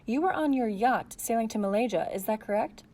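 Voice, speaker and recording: Woman narrator doing a bright, pushy TV newswoman, insistent. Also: fairly high pitch, animated, brisk. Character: pushy woman television reporter.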